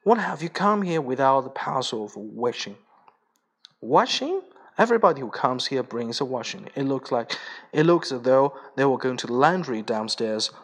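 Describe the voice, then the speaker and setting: A fierce, unshaven Russian revolutionary barks out orders, as a man reads him aloud. His delivery is sharp and scolding, then turns briskly formal. It is a storybook character voiced by the narrator. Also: mid-range voice, big pitch swings.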